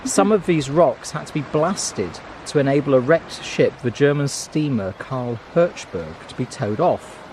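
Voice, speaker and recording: Man co-host, dry and teasing, mid pitch, faint outdoor hiss behind. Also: lively intonation, unhurried, hardly any pauses, a little mellow, low-quality recording. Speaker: walking vlog co-host. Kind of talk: casual chat, reading signs aloud. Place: outdoors on a coastal walk.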